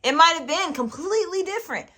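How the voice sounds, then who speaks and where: A woman's voice: extremely high pitch, animated, fast talker, pushed and bright. A woman co-hosting a faith-based podcast with her husband, talking in an earnest, encouraging way about relationships. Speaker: podcast co-host. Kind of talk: faith-based casual chat.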